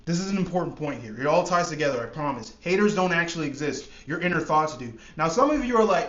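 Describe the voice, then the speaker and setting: Man, high voice, emphatic motivational coach, casual swearing, echoey dull-sounding room. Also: lively intonation, quick pace, few pauses, a bit bright. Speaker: trading coach. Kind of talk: motivational monologue.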